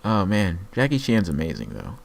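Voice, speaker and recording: Man, podcast host, deep voice, casual sarcastic rambling with lots of swearing. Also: huge pitch swings, normal speed, vocal fry. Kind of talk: casual chat.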